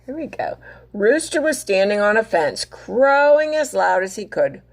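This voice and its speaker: Animated woman reading a picture book. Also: mid-range voice, a little slow. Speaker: teacher reading to children.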